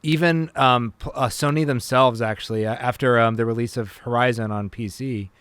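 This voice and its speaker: A man's voice: mid-range voice, fairly even intonation, moderate pace, fairly bright tone, smooth, no room sound. A young man on a casual gaming podcast who restarts sentences a lot and laughs often. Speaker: podcast co-host. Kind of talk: casual chat.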